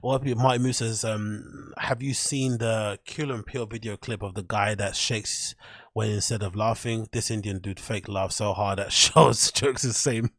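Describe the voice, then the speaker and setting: A man's voice: on the low side, steady tone, normal speed, a bit bright, no echo, clean studio sound. A man hosting a show, giving casual, blunt and dismissive commentary on clips. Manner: blunt, dismissive, says "cringe" a lot. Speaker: host reacting to clips.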